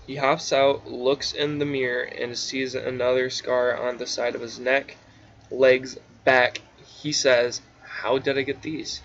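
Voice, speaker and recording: A man's voice: mid-range voice, flat delivery, takes it slowly, fairly bright tone. A man reading his own story aloud in a casual, drowsy, offhand way, stopping for asides and restarts. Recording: dull lo-fi recording with faint hiss.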